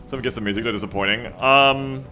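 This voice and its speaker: Bright-voiced playful male streamer. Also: medium pitch, fast talker, soft background music. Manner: playful and teasing, laughs often. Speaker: game streamer. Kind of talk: casual live-stream chat, reading chat messages aloud.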